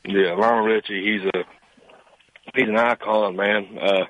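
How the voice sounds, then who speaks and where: A nineteen-year-old man with a Southern Appalachian accent on a phone call, talking in a humble, halting way and saying "man" often. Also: on the low side, flat delivery, fairly bright tone. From Eastern Kentucky mountains. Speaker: caller, singer guest. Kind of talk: casual phone interview. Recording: tinny phone line.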